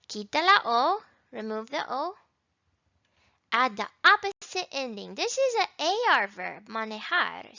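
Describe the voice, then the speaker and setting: A woman teaching an introductory language lesson, modeling words slowly and carefully with upbeat emphasis. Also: high-pitched, bright, forceful tone, dry recording, dull audio. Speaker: Spanish teacher.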